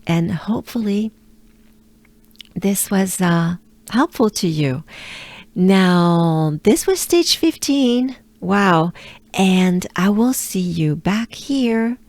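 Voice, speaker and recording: A French-accented woman from France runs a pronunciation lesson, cheerful and encouraging. She speaks at an unhurried, deliberate pace and stretches each sound out slowly. Her voice sits at a middle pitch and is recorded dry and close. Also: animated, a little mellow, no room sound. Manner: slow, drawn-out modeling of sounds, cheerful and encouraging.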